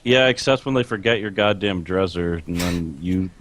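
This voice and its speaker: A man's voice: sits low, normal speed, a bit bright. A man chatting casually as a podcast co-host, rambling with lots of fillers and laughing between his words. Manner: rambling, laughs mid-sentence, many "like" fillers. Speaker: podcast co-host and video creator.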